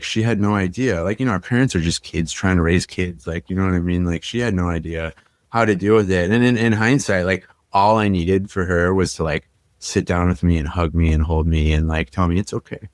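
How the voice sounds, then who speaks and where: A young man with a very low, deep voice recounts his own past on a podcast, speaking reflectively and leaning on "like" and "you know." The sound is close and dry, with no room around it. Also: no room sound. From Minnesota. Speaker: podcast guest. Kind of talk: personal storytelling in a podcast interview.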